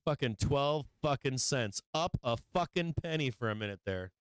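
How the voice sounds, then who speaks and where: Male trading-stream host, casual and rambling, profane venting, smooth voice, dry close sound. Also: mid-range voice, animated, normal speed, few pauses, no echo, low-quality recording. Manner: profane, venting frustration, laughing at himself; rambling with fillers and restarts. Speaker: livestream stock trading host. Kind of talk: casual live-stream market talk.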